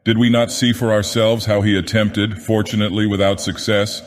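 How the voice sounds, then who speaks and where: A man's voice: lowish voice, flat delivery, moderate pace, lightly acted. A man voicing a nervous, persuasive male pig propagandist in an audiobook, speaking with agitated insistence. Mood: urgent. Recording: long hall reverb.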